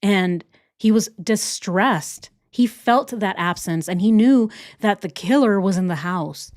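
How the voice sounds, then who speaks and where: A woman hosting a casual reaction commentary, indignant and full of rhetorical questions. She circles back and repeats her points. Her middle-pitched voice sounds dry and close. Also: slow, darkish tone, dry recording. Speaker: reaction channel host.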